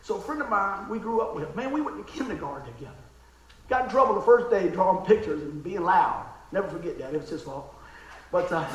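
A man preaching in a folksy, emotional storytelling style, dropping to a hush and then rising to exclaim. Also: sits high, lively intonation, fast, roomy sound, slight background noise, rough recording. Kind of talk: storytelling sermon.

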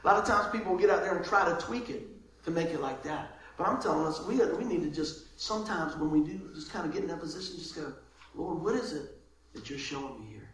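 High-voiced pastor preaching, swings loud to soft, super echoey church hall. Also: male voice, fast. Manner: lively, swings between loud calls and soft asides. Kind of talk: sermon. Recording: very echoey room with faint noise.

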